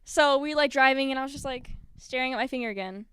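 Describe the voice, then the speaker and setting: A woman's voice: sits high, quick pace, clear, resonant tone. Nervous, giggly woman telling a story. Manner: nervous and giggly, with animated acted-out quotes. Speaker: spoken word performer. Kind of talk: personal story told live on stage. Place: stage at a live community event.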